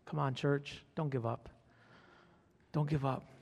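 A man's voice: medium pitch, fairly even intonation, unhurried, gravelly, big-room sound. A man preaching a sermon as pastor, fervent, repeating his phrases and calling out to the congregation.

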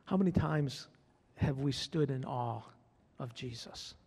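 A man's voice: mid-range voice, unhurried, gravelly, a little mellow, slightly rough, big-room sound. A man preaching a sermon as pastor, fervent, repeating his phrases and calling out to the congregation.

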